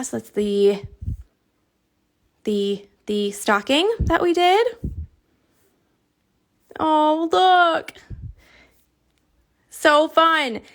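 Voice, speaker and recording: A woman's voice: on the high side, gravelly. A woman hosting a stitch-along video, chatting casually and encouragingly with lots of fillers and muttered asides. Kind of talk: casual chat while showing her screen.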